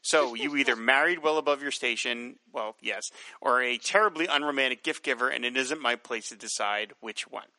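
A man's voice: mid-range voice, moderate pace, few pauses, sharp tone, no echo, low-quality recording. Dry-joking man co-hosting a podcast. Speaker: podcast co-host. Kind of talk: casual podcast chat reading listener mail.

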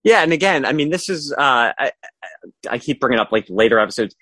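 Man, mid-pitched voice, dry close mic, halting casual podcast talk. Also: very animated, a bit bright, slightly rough, no room sound. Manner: hesitant, lots of fillers and restarts. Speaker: podcast co-host. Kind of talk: casual TV discussion chat.

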